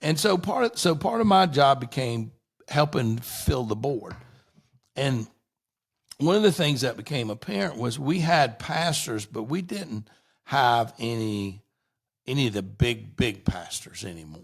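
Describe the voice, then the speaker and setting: A man's voice: mid-range voice, big pitch swings, a little slow, vocal fry. A middle-aged man, a guest on an interview show, telling long rambling anecdotes in a casual way and often restarting his sentences.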